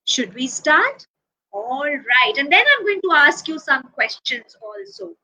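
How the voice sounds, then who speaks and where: Woman storyteller from India for a preschool audience. High, unhurried and animated, with whispers and sung refrains. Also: rough recording. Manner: animated, slow and expressive, drops to whispers, sings refrains. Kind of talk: storytelling to young children.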